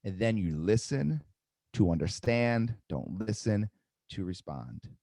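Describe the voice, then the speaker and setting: A man's voice: lowish voice, sing-song, unhurried, mellow, dry recording. A man hosting a live sales webinar, coaching with energy and repeating key phrases for emphasis.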